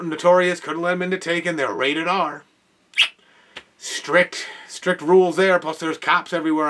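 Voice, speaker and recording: A young man, host of a podcast, telling an animated work story in a casual way with exclamations and laughs. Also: a little high, far from the mic.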